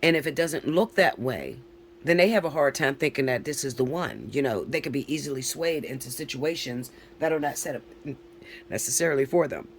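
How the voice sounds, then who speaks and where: Casting note: male tarot reader, mid-pitched, frank and profane, chatty, over a faint hum. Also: expressive, a little fast. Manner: chatty, keeps checking in with listeners. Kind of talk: casual tarot reading to camera.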